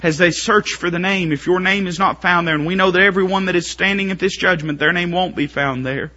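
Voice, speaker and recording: A man preaching a sermon to his congregation, building up to shouted, strained pleading climaxes. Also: high voice, fairly quick, highs cut off.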